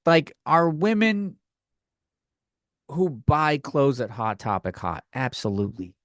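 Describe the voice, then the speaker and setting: A man's voice: mid-range voice, slow, no room sound, studio quality. A young man hosting a comedy podcast, ranting sarcastically and profanely on his own. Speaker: podcast host. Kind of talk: solo comedy rant.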